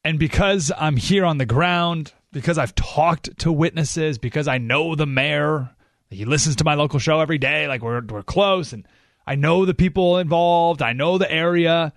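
A male talk radio host speaking at a fairly high pitch into a studio mic, with a dry, close sound. He talks casually, slows almost to a crawl to hammer home a point, then jumps up in pitch with animated exclamations. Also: no echo. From San Diego area. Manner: emphatic, slows right down to stress points, animated outbursts. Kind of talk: conversational talk radio monologue. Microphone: studio microphone.

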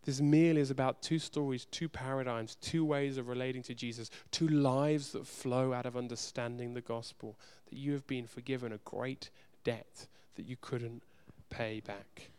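Male pastor, smooth resonant voice, earnest sermon delivery, loud urgent swells and hushed low moments. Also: fairly even intonation, normal speed, hardly any pauses. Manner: earnest, direct address to the congregation.

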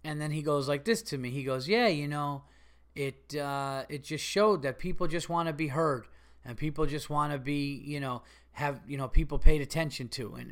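A man, a comedian hosting his own podcast, telling a rambling story in casual monologue. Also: on the high side. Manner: rambling, animated, gets loud and exasperated telling a story.

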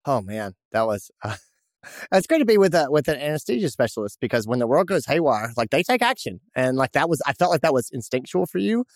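Lively animated male podcast host. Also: mid-range voice, brisk, dry recording, clean studio sound. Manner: enthusiastic, animated, laughs often. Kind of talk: casual chat.

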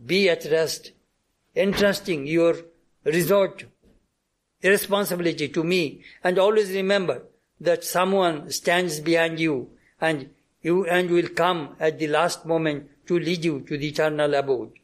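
A man voicing a gentle holy mother. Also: fairly high pitch, steady tone, measured pace, lightly acted. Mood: reassuring.

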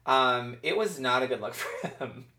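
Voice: mid-range voice, lively intonation, a little slow, pushed and bright. A podcast co-host chatting casually about a TV episode, gossipy and rambling, with plenty of fillers and tangents. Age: older than co-host. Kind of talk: casual chat recapping a TV episode.

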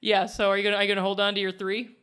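A woman's voice: mid-range voice, completely flat delivery, rapid-fire, a bit bright, clear, resonant tone. A woman co-hosting a podcast in a playful, casual way, steering the talk into the next segment. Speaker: podcast co-host. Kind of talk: casual chat.

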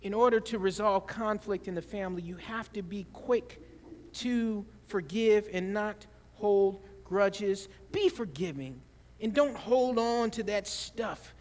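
A man preaching a sermon as pastor, telling stories with animated shifts between quiet and loud. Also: takes it slowly, long reverb tail. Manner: animated storytelling with big swings in pitch and loudness.

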